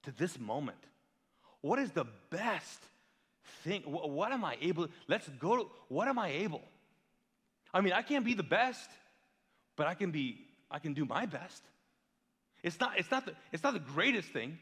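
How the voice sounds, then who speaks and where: A man with a high, bright-pitched voice preaches to his congregation, animated and playfully self-deprecating. He keeps asking the room questions. His voice rings out with a long reverb tail from a large church hall. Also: normal speed, pauses often, husky. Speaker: pastor. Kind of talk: sermon. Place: church auditorium.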